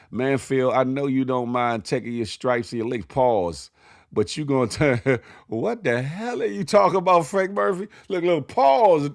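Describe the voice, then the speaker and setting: A man hosting a casual livestream morning show, giving playful slangy shout-outs to viewers and hyping up the day. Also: mid-range voice, no room sound, studio quality. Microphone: phone.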